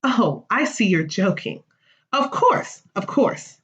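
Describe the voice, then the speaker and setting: A woman's voice: mid-range voice, big pitch swings, takes it slowly, a bit bright, slightly rough, heavily acted. A woman reading the lines of a defensive, greedy colonial merchant in a school play, in a slightly muffled recording.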